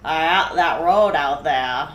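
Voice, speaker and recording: A grim, laconic old man with a Maine accent drags out his words in a low drawl, as a woman puts him on. The sound is roomy and echoing, with a faint hiss underneath. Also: fairly bright tone. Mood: ominous. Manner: slow drawl, trailing off.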